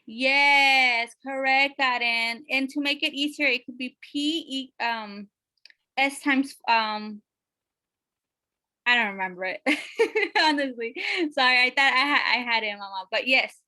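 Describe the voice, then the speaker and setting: A woman teaching a math lesson, asking her students questions and often pausing with fillers. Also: high voice, bright, forceful tone. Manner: checks in with questions, many fillers.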